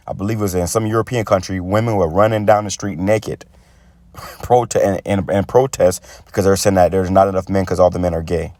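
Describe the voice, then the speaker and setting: A man giving a casual preaching monologue, rambling and stammering as he repeats words, and reading scripture slowly and deliberately. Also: low voice, a little mellow, no echo. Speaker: street preacher.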